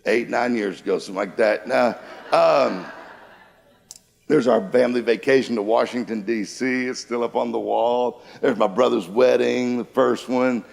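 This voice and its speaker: A man delivers a humorous motivational seminar, telling one anecdote after another. His voice has a rough, gravelly edge. Long reverb trails each phrase through the church auditorium. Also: medium pitch, fairly even intonation, normal speed, a little mellow. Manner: anecdotal storytelling with jokes. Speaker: motivational speaker. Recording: long hall reverb from a large room.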